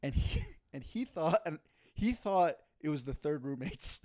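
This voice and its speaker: A man's voice: on the high side, lively intonation, unhurried, a little mellow. A man co-hosting a casual podcast, telling a long story with many restarts and laughs. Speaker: podcast co-host. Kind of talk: casual chat.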